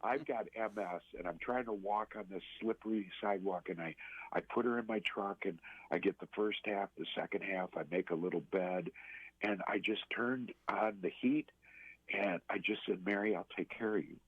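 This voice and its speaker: A man telling a personal story as a radio interview guest, earnest and halting, with many restarts. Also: on the low side, slightly rough, dry recording. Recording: tinny phone line.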